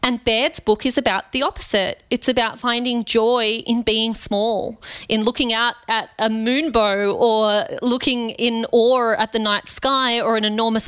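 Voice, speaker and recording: Bright, higher-voiced woman in casual chat. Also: clean tone. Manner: earnest, conversational, animated asides. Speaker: podcast co-host. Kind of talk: casual book discussion.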